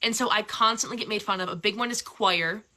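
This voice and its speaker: A young woman from Michigan with a Midwestern American accent, hosting a livestream in a chatty, animated way with quick asides. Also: medium pitch. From Michigan, USA. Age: young adult. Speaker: livestream host. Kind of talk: casual chat. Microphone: webcam or phone mic on a livestream.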